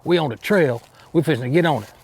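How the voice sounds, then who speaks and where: An actor playing a bumbling, boastful redneck Bigfoot hunter with an Alabama Southern drawl, rambling and cocky in a mock outdoor show. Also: male voice, fairly high pitch, fast talker, background noise, lightly acted. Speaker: hunting show host character.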